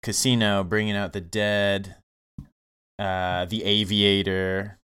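A man's voice: fairly low pitch, flat delivery, slow pace, fairly bright tone, smooth. A man co-hosting a casual film podcast, enthusiastically listing a cinematographer's credits. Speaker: podcast co-host.

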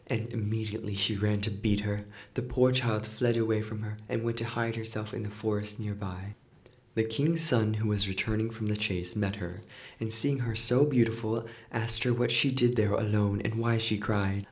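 Low-voiced man reading a fairy tale. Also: steady tone, moderate pace. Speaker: podcast host and reader. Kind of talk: storybook reading.

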